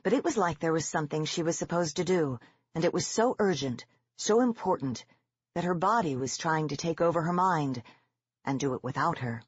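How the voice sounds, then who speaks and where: Husky narrator, measured horror reading, dull lo-fi audio. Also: medium pitch, lively intonation, no room sound. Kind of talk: scripted storybook narration.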